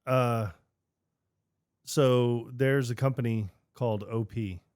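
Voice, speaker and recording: A man co-hosting a podcast, laid-back and laughing as he tells stories in casual chat. His voice sits at a middle pitch and sounds dry and close. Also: steady tone, slow, darkish tone, smooth, dry recording. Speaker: podcast co-host.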